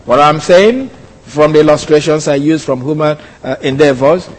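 A man preaching an expository sermon, explaining a text and slowing down to stress key words. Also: on the high side. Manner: teaching, with sudden slow emphatic stretches. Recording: long hall reverb.

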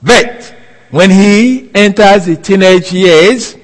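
Man, sermon, slow deliberate delivery, high voice, reverberant hall. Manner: slow, deliberate, emphatic preaching. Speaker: preacher.

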